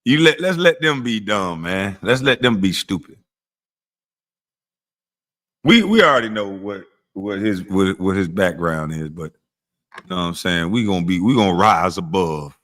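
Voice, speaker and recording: The speaker is a man hosting a relaxed livestream, puffing on a smoke while he roasts chat and talks trash. He gets high-pitched in his heckling and slow and low once he settles.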